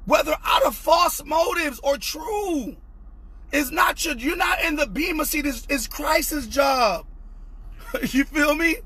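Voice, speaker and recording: A young man preaching an impassioned online sermon, fervent and repetitive, often shouting, with a husky voice. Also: very high voice, takes it slowly, a little hiss or hum. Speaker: pastor.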